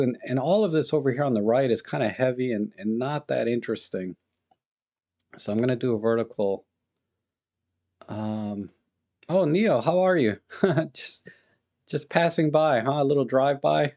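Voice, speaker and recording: A man hosting a live photo-editing stream, thinking aloud in a relaxed, chatty way as he works and greets viewers in the chat. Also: mid-range voice, creaky.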